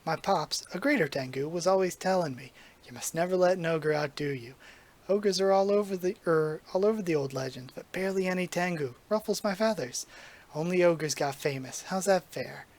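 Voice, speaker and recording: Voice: mid-range voice, normal speed, darkish tone, lightly acted. A reader voicing a brash, petty young male tengu guardian, reading comic dialogue aloud in a cocky, slangy way. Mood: boastful.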